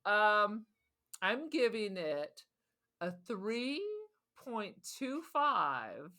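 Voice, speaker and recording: A woman's voice: mid-range voice, big pitch swings, drawn-out words, bright, forceful tone. A woman co-hosting a podcast, joking casually, trailing off and repeating words as she talks. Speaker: podcast co-host. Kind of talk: casual chat.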